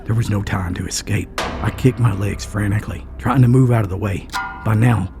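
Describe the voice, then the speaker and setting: Guy telling a story, deep gravelly voice, earnest, soft music behind. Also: a little fast. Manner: earnest, dramatic. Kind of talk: scripted first-person story narration.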